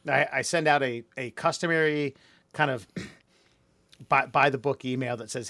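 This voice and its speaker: A man's voice: mid-range voice, steady tone, measured pace, long pauses, pushed and bright, dry recording. A man co-hosting a casual podcast chat, profane and mocking, who mimics other people in exaggerated voices. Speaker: podcast co-host.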